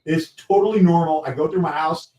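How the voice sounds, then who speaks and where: A talkative man with a fairly high voice tells animated stories, laughing and acting out quotes. He sits back from the microphone, and the live event venue rings around him with a clear echo. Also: brisk, far from the mic. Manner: energetic, laughs often, acts out quotes. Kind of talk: animated storytelling. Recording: echoey, off-mic at a live show.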